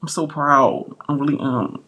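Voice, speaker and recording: A man's voice: on the high side, fairly even intonation, unhurried, sharp tone, slightly rough. A man hosting a live stream, chatting casually in a heartfelt, rambling way full of filler words.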